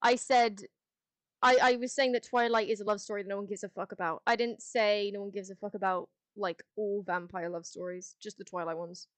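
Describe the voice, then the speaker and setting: A woman's voice: medium pitch, steady tone, brisk, no room sound. A woman streamer on a headset, chatting casually with her chat in a rambling, candid way, full of restarts and the odd swear. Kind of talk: casual livestream chat, answering chat.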